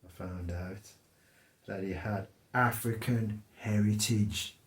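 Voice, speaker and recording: A middle-aged man chatting as co-host, telling stories in an animated way. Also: lowish voice, slow, roomy sound. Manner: storytelling, animated. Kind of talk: casual chat.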